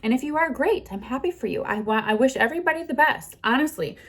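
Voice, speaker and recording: A woman's voice: sits high, expressive, fast talker. Heated profane woman ranting in her car. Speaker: content creator. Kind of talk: ranting to camera. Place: inside a car.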